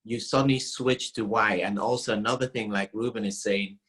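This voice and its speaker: A man's voice: fairly low pitch, steady tone, fairly quick, fairly bright tone. A man coaching an actor, explaining patiently and checking that he is understood. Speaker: acting teacher. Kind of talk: coaching notes in a class.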